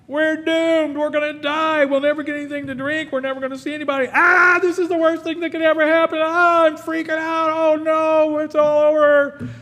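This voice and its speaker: A man's voice: monotone, moderate pace, hardly any pauses, a bit bright. A man voicing a panicking, frantic man locked in a room, wailing that all is lost. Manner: frantic, wailing, high-pitched. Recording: echoey hall, faint rumble.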